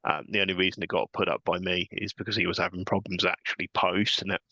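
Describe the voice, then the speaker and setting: A man hosting a casual podcast chat, relaxed and rambling, chuckling often. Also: deep voice, quick pace, dry recording. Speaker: podcast host. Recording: dull lo-fi sound.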